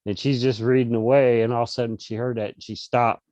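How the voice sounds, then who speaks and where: A man's voice: mid-range voice, flat delivery, quick pace, darkish tone, no echo, dull audio. A middle-aged man, an interview guest, telling a casual story over a video call with lots of restarts and fillers. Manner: rambling, many restarts and fillers.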